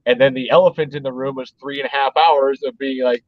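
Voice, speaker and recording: A man's voice: medium pitch, steady tone, fast, no echo, lo-fi sound. A man hosting a casual podcast chat, rambling with lots of "like" and frequent swearing. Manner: rambling, swears a lot, heavy use of "like". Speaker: podcast host.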